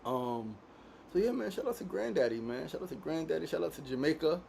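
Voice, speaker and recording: A slightly high, expressive male voice, a little fast, gravelly yet a bit mellow, comes through with slight background noise. He's from Queens, New York, hosting a laid-back daily podcast in a studio, swearing freely and repeatedly tagging his remarks with "right?"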